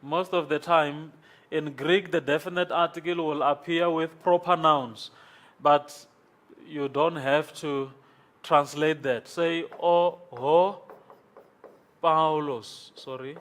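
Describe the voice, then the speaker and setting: A man's voice: a little high, fairly even intonation, takes it slowly, a bit bright. A man teaching Greek in a classroom, congested from sinus trouble, who patiently repeats each form and checks in with "okay?". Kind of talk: classroom lecture. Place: classroom with a board.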